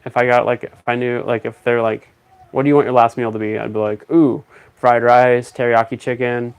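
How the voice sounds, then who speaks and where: A man talks in a loose, rambling casual chat, thinking out loud as he goes. His voice has a gravelly edge and sits at an ordinary pitch for a man. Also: fast. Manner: rambling, relaxed, thinks aloud.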